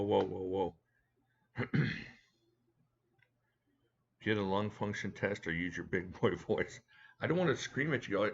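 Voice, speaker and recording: A low-voiced man with a drawl chats loosely on a home live stream, greeting viewers by name and cracking jokes. The audio is a bit dull and lo-fi. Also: fairly bright tone. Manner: chatty, joking, talks to viewers by name. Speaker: live stream host reviewing knives. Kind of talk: casual live chat reading viewer comments. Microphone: desk mic at a home setup.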